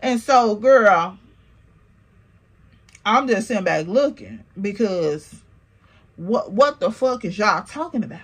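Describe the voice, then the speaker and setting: A woman telling a storytime tale in an animated, slangy, profane way, talking to viewers as "girl.". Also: medium pitch, takes it slowly, pauses often, breathy edge. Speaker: storytime vlogger. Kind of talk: casual storytelling.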